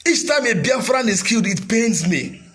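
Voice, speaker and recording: A Nigerian man whose first language is Igbo gives an impassioned speech to his followers as a self-styled militia leader. He declaims fiercely and swings between shouting and a sing-song cadence. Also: extremely high pitch, very animated, moderate pace, slight background noise.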